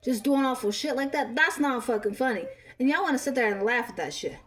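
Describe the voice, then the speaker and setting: A woman's voice: high voice, lively intonation, brisk, a bit bright. A woman in her thirties delivering an angry, profane commentary rant, scolding bluntly. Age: 30s. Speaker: vlogger.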